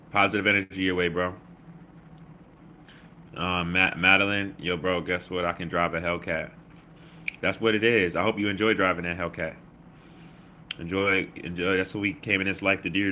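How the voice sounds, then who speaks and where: A livestream host from Baltimore, with a low, bright male voice, keeps the chat casual, loose and slangy as he reads comments aloud and gives shout-outs. There's a little hiss or hum.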